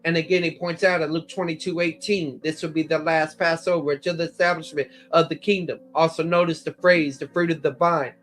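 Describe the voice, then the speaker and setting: A man's voice: fairly high pitch, little pitch movement, brisk, few pauses, fairly bright tone, faint music behind. A man giving an explanatory Bible lecture, citing verses and paragraphs and sometimes restarting words. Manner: explanatory, cites verse numbers, occasional restarts. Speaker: Bible teacher. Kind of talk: lecture on scripture.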